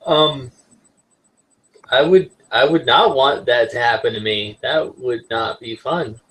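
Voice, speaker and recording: A man co-hosting a wrestling podcast, chatting casually at an unhurried pace. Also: medium pitch, a bit bright, rough recording. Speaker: podcast co-host. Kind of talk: casual wrestling review chat.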